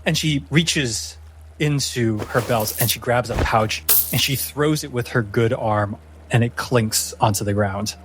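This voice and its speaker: A man narrating a tabletop game as game master, slowly and dramatically. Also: medium pitch, steady tone, a little hiss or hum. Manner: slow, dramatic descriptive narration.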